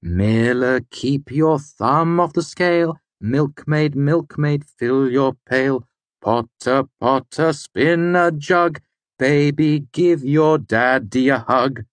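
A man's voice: rumbling low, normal speed, no room sound. A man reading the part of a patient, worldly innkeeper, wry and knowing in tone. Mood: sing-song.

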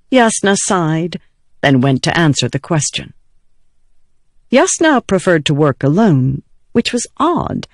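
An audiobook narrator reads scripted fantasy prose in a steady, even manner. The voice sits in a middle register and is recorded dry and close, with no room sound around it. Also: medium pitch, no room sound.

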